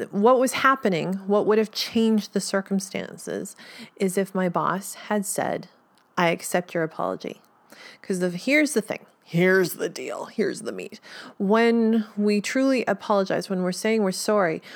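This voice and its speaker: A woman talking alone in a reflective, conversational way, musing aloud, correcting herself and laughing lightly. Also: on the low side. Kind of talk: reflective solo talk.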